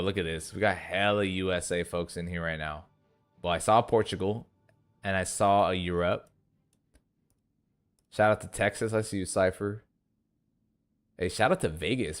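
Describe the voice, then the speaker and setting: A man's voice: deep voice, fairly even intonation, unhurried, pauses often. A young man from the US East Coast, a streamer chatting casually and swearing as he reads chat aloud. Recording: faint music behind.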